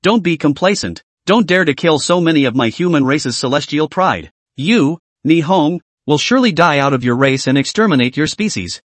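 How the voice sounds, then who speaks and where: A wounded fighter who snaps with thick hatred and unwillingness, voiced by a male narrator. The voice is a touch high and recorded dry and close. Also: animated, moderate pace, no echo. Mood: defiant. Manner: snapping, hateful.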